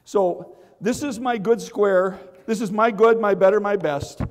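Male seminar host, high-pitched, playful crowd worker; hall-reverb sound. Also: a little slow. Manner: playful, teasing, call-and-response with the crowd. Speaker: motivational speaker and magician. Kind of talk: energetic seminar talk with audience participation. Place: large hall with audience.

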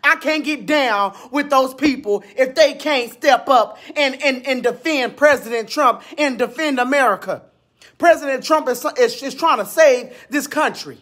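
A man delivering an angry political rant to the camera, often shouting, repeating himself and swearing bluntly. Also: extremely high pitch, normal speed. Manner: shouting, repetitive, blunt and profane. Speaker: video blogger.

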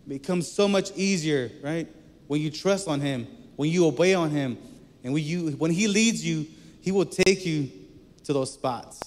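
A man preaching a sermon in a relaxed, conversational way, telling personal stories between scripture readings. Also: a little high, normal speed. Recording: echoey hall reverb.

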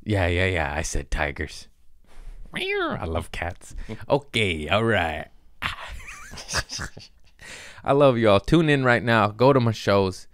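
Rambling, low-voiced comedian cracking himself up. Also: male voice, huge pitch swings, slow pace, pauses often, no echo. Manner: rambling, self-mocking, cusses freely. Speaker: comedian and podcast host. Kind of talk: loose comedic podcast intro.

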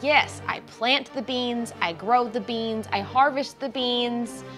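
A woman's voice: on the high side, takes it slowly, faint music behind. A woman playing a brassy, indignant bean-founder lady. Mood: defensive. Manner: loud, brassy, indignant, drawling. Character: brash older woman claiming to be bean founder. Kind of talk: comedy sketch acting.

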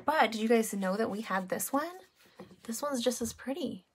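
Woman, 30s, chatty live-stream seller, a bit high-pitched, greets viewers, faint background noise. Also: normal speed. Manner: chatty, greets viewers by name, many fillers. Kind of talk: casual live-stream chat.

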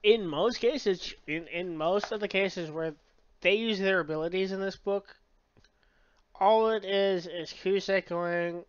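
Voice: medium pitch, unhurried, smooth, no room sound, lo-fi sound. A book reviewer in a casual review, rambling with many fillers and frequent swearing. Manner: rambling, filler-heavy, profane.

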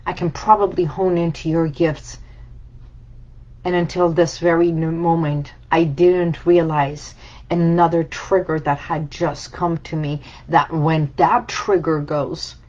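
A woman coach speaking slowly and deliberately in a slightly low voice. She is reflective, repeating and layering her phrases like a list. The recording sounds dull and lo-fi. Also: level tone, a little mellow. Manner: reflective and repetitive, building phrases in lists. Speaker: healing coach. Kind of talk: motivational talk.

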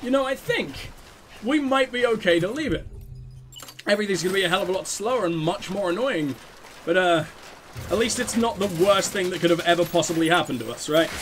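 A man's voice: sits high, lively intonation, brisk, fairly bright tone, a little hiss or hum. A man casually commenting on his gameplay, talking to himself and swearing at the game in exasperation. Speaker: let's play host.

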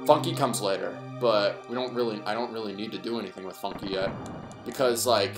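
Male let's-play host, lowish voice, rambling and self-mocking, echoey room. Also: a little fast. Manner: rambling, self-deprecating, thinks aloud while playing. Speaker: gameplay commentator. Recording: echoey room with game music.

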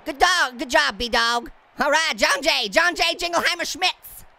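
A man's voice: unhurried, sharp tone, heavily acted. A man voicing a hyper, giggly male talking orange who cracks puns and taunts while commenting on gameplay. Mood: giddy. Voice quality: gravelly, high cartoon voice. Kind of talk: comedic let's-play commentary. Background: game music.

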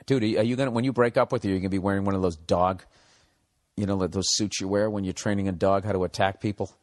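A man's voice: low-pitched, fairly even intonation, quick pace, no room sound, clean studio sound. A man in his forties from the United States, hosting a comedy podcast in a blunt, profane, ranting monologue, giving advice. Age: 40s. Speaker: podcast host.

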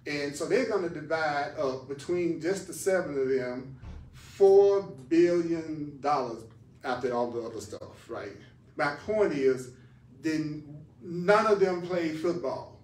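Man, spiritual teacher, emphatic, slightly high voice, distant mic, echoey room. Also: animated, slow pace, a little mellow. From United States. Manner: emphatic, repeats phrases for stress. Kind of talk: lively class teaching.

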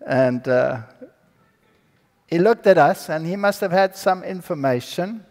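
A man's voice: high voice, lively intonation, a little slow, darkish tone. A man giving a storytelling sermon about his own life to an audience, acting out the people in his story. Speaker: speaker giving a personal testimony. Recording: long hall reverb.

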